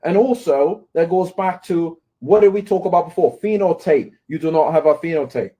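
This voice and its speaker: Speaking at a moderate pace in a fairly high, warm voice, this male commentator confronts his critics on camera. He scolds and taunts them, frequently tossing in "right?".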